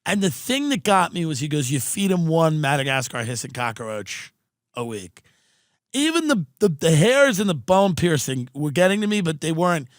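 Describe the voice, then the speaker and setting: A Southern California podcast host tells comedic stories in a chatty, animated way, swearing freely and acting out the voices of people he quotes. His voice is a little high and moves at a moderate pace, recorded with clean studio sound and no room echo.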